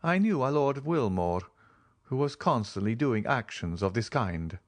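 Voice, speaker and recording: A male audiobook reader voicing a grave, reserved nobleman who speaks in a measured way. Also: mid-range voice, big pitch swings, pitched above the performer's own voice. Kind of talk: audiobook character reading.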